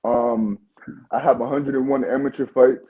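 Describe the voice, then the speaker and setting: A man's voice: medium pitch, flat delivery, moderate pace, slightly rough. A man in his twenties with a New York accent, talking earnestly over a phone in a remote interview, often saying "you know". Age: 20s. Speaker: guest boxer. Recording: tinny phone line.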